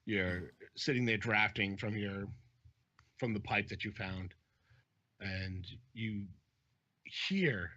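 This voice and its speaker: Husky man narrating a horror game. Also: lowish voice, takes it slowly, pauses often, pushed and bright, no room sound. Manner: descriptive, hesitant with fillers. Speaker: dungeon master. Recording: dull dry lo-fi audio.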